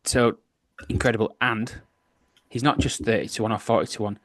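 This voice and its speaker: A man co-hosting a golf podcast, giving his picks in a dry, sarcastic, measured way. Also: on the low side, little pitch movement, a bit bright, dry recording. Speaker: podcast co-host. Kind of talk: casual podcast chat.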